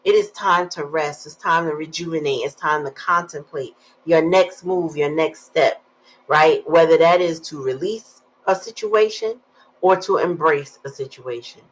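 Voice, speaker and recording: A woman's voice: deep voice, unhurried, slightly rough, poor audio. A woman giving a casual tarot reading, chatty and slangy, telling stories with sighs in between. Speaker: tarot reader.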